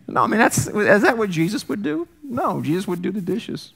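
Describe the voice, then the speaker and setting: A man's voice: high-pitched, sing-song, moderate pace, creaky, few pauses, a bit bright, breathy edge. A man preaching as a pastor, talking in a loose, joking way and often breaking off to apologize or correct himself. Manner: conversational, jokey, self-interrupting. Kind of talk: sermon.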